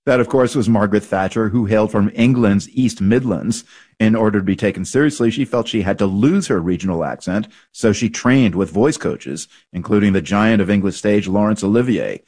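A male news correspondent reading a scripted report in a measured, lightly wry way. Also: on the low side, a little mellow, dry recording, studio quality.

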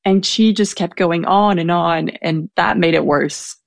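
A woman's voice: on the low side, unhurried, creaky, few pauses, no room sound, studio quality. A young woman telling a personal story in casual chat, hesitant, with many fillers and restarts. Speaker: storyteller guest. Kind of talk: casual anecdote.

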